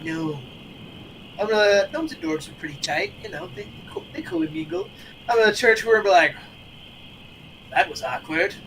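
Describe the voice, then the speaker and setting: A man playing a tabletop game character, lively and a little mock-formal in character. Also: high-pitched, fairly quick, gravelly, a little hiss or hum, poor audio. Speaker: player.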